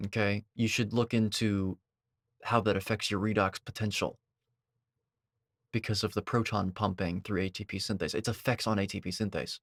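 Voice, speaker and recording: A man commenting on a video, lecturing and sarcastic, with sudden high-pitched outbursts. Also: fairly even intonation, moderate pace, a bit bright, no room sound, clean studio sound.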